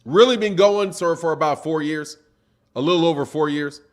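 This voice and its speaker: High-pitched, animated boxing livestream host. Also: male voice, moderate pace. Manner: animated, teasing, slangy. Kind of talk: livestream commentary with chat shout-outs.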